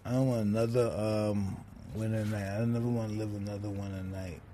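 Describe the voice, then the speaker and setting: A man's voice: on the low side, flat delivery, a little fast, dark tone, a little hiss or hum. A middle-aged man hosting a podcast, talking bluntly and teasing his guests, with swearing. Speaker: podcast host. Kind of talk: casual podcast chat.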